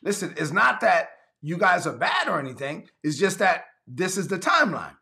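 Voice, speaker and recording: A man playing a plainspoken male teacher, matter-of-fact and direct. The voice is bright and high with a gravelly edge. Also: big pitch swings, moderate pace, heavily acted. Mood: plain. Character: Jesus, a calm male teacher.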